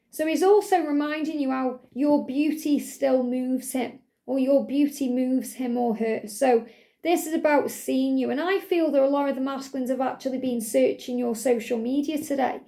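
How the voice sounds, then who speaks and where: A woman giving a channeled tarot love reading, gentle and reassuring, repeating herself with many "you know" fillers. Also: high voice, gravelly. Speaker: tarot card reader.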